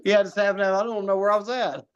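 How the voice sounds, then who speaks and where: Brief: quick, fairly high male voice, rambling storyteller, muffled lo-fi sound. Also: fairly even intonation, smooth. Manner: rambling storyteller, laughs at own stories, restarts often. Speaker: political candidate guest. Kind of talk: casual podcast chat.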